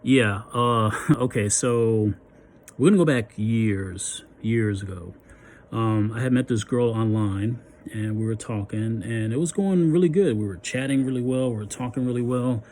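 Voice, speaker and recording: A man's voice: medium pitch, moderate pace, darkish tone, slight background noise. Chatty man telling a story. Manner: chatty, many ums and restarts, acts out the dialogue. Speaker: vlogger. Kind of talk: casual storytime.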